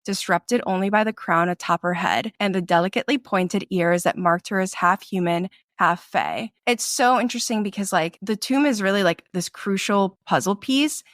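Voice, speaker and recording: A woman's voice: mid-range voice, moderate pace, hardly any pauses, no room sound. Chatty young woman, dry close sound. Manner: chatty, filler-heavy, animated retelling. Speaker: podcast co-host. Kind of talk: casual book discussion.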